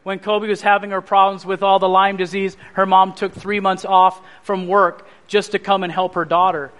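A man preaching a sermon, telling his personal testimony as an animated story and acting out the voices of others. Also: high voice, moderate pace.

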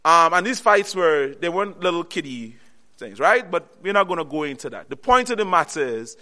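A male preacher with a high, bright voice delivers an earnest sermon. He repeats his key phrases and uses call-and-response, stopping on "what?" so the congregation can complete the verse. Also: very animated. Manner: call-and-response, pausing on "what?" for the audience to finish.

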